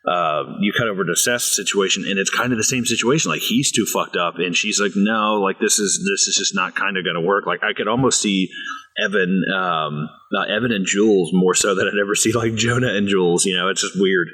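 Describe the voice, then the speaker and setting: A man's voice: sits low, a little fast, bright, forceful tone. A man co-hosting a casual movie podcast, rambling, swearing freely and laughing as he talks. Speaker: podcast co-host.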